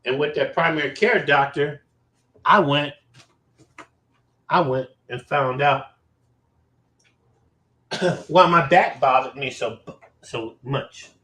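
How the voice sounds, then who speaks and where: Man, slightly high voice, casual storytelling, animated, swears, echoey room. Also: takes it slowly, pauses often. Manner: animated and profane, with emphatic repetition. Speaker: vlogger telling a personal story. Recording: roomy echo.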